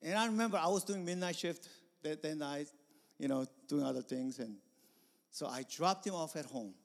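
Male pastor, high pitch, animated sermon delivery with loud outbursts, long hall reverb. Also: moderate pace, gravelly. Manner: animated preaching with sudden loud bursts.

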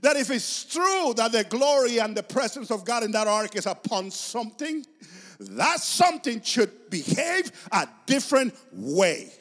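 A high-voiced man preaches with fervor, his pitch leaping up and down as he presses each point. His voice rings out with a long reverb, as in a large hall. He keeps circling back to the same words for emphasis. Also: big pitch swings, a little slow, fairly bright tone. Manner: passionate, emphatic preaching with repeated phrases. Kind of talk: sermon.

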